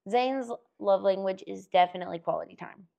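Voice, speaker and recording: A woman's voice: medium pitch, a little fast, vocal fry, dark tone. A young woman in casual podcast chat, chatty, laughing often, trailing off and restarting. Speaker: podcast co-host, engaged to a host.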